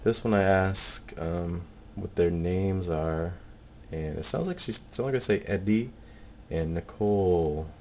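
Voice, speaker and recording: A man casually talking through his recordings, soft-spoken and hesitant, full of ums and restarts. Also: low-pitched, measured pace, a little hiss or hum. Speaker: paranormal hobbyist playing back recordings. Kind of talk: casual video commentary.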